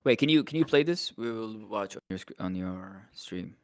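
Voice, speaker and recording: A male streamer chatting casually with a friend, excitable and laughing often. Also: fairly low pitch, moderate pace. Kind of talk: casual chat.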